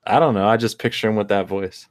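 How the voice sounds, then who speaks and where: A man's voice: lowish voice, fast. A young man chatting casually and teasing his friend on a stream. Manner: joking, puts on silly voices.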